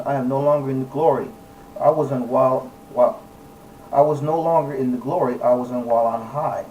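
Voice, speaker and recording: A man's voice: medium pitch, mellow. A man leading a Bible study, reading verses aloud and then commenting on them emphatically, stressing and repeating key words. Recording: distant mic, faint background noise.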